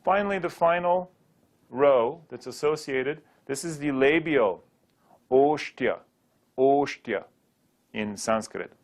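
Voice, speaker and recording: A man's voice: a little high, animated, measured pace. A man teaching a Sanskrit pronunciation class, drilling syllables aloud for students to repeat. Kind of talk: classroom lecture.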